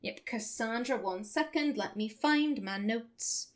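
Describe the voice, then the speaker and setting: A woman's voice: on the high side, slow. A woman hosting a casual let's play, chatting enthusiastically over gameplay with plenty of fillers and restarts.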